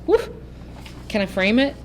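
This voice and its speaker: A woman teacher on a casual podcast, who answers with quick, joking one-liners. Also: mid-range voice, animated, slight background noise.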